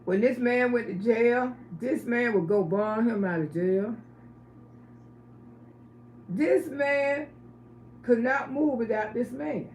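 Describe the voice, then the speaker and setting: A woman's voice: a little high, takes it slowly, pauses often, darkish tone, echoey room, a little hiss or hum. A middle-aged woman, telling blunt stories on a casual livestream and asking her viewers questions. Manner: blunt, chatty, asks the audience questions. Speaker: livestream host.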